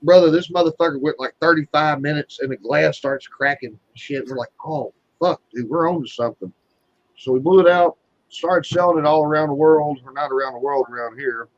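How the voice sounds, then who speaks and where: A man's voice: a little high, steady tone, a little fast. Foul-mouthed rambling man, lo-fi recording. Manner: crude, rambling, swears constantly. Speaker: guest being interviewed. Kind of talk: casual chat. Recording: dull, dry lo-fi sound.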